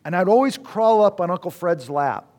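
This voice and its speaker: A man speaking to an audience, telling a personal story in a reflective way with halting restarts. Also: sits high, expressive, darkish tone.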